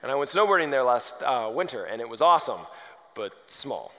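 A man's voice: medium pitch, very animated, a little fast, a bit bright. A man preaching a sermon, firing off rhetorical questions and telling humorous stories. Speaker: pastor. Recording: long hall reverb.

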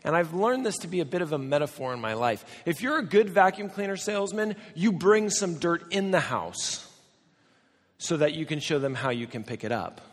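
A man's voice: fairly high pitch, animated, normal speed. A middle-aged American man preaching a sermon, telling a story with joking asides to the audience. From United States. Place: large church or conference hall. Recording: long hall reverb.

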